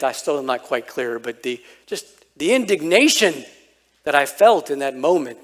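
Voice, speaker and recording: Male pastor, fairly high voice, lively storytelling sermon with acted-out quotes. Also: normal speed. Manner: storytelling, animated, acts out childhood quotes.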